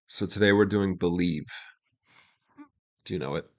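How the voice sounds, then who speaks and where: A man co-hosting a casual music reaction chat, explaining songs in a relaxed, thinking-aloud way. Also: low voice, moderate pace. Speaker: co-host breaking down songs.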